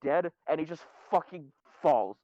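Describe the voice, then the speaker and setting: Wry, high-voiced young-sounding man. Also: expressive, a little slow, highs cut off. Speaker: podcast co-host. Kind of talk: casual chat.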